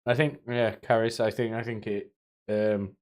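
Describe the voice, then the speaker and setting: A man's voice: on the low side, flat delivery, measured pace, darkish tone. A man streaming live, chatting casually with viewers in a rambling, profane way, often laughing to himself.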